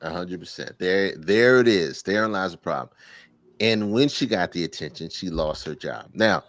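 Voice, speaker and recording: A man co-hosting a podcast, chatting casually in a slangy, animated way and laughing often. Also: deep voice, normal speed, dry recording. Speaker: podcast co-host. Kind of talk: casual chat.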